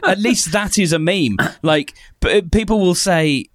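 A man's voice: high-pitched, a little slow. A man hosting a podcast, mixing casual chat with read-aloud passages, who laughs easily and breaks up mid-read while wearing headphones at a studio mic. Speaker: podcast host.

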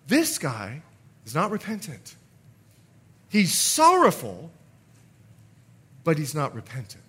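Animated preaching pastor with a bright voice. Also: male voice, on the high side, slow, pauses often, slightly rough. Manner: animated, rising to loud emphatic passages. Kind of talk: sermon. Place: church sanctuary.

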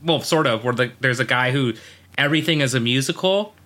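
A man's voice: mid-range voice, fairly quick. A man in casual chat, rambling through a long anecdote and acting out the quotes. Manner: rambling, animated storytelling with acted-out quotes.

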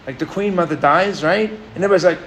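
A man from New York gives a storytelling sermon in a fairly high voice, keeping his audience with him through frequent questions. A faint noise sits under his voice, with some clicks. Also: fast talker. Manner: storytelling, animated, engages the audience with "right?". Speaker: rabbi. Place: rooftop gathering.

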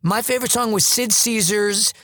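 A man's voice: sits high, normal speed, sharp tone, dry recording. A man co-hosting a film podcast, chatting goofily and breaking into silly sung bits. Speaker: podcast co-host. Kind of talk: casual chat.

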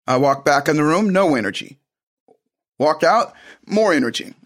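A man's voice: fairly high pitch, lively intonation, moderate pace, a bit bright. A man telling a personal story in a casual, rambling way, with frequent restarts and side remarks.

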